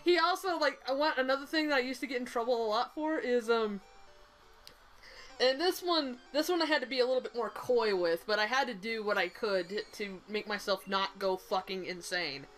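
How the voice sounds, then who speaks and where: Young southern gal co-hosting a game stream, a bit high voiced, rambly and blunt, cusses a lot, faint music behind. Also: female voice, moderate pace, low-quality recording. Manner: rambling, blunt, swears freely. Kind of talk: casual storytelling chat.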